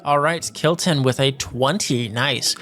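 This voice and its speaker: A man's voice: medium pitch, measured pace, fairly bright tone. A man narrating scenes as game master of a tabletop role-playing game, describing at length with many fillers.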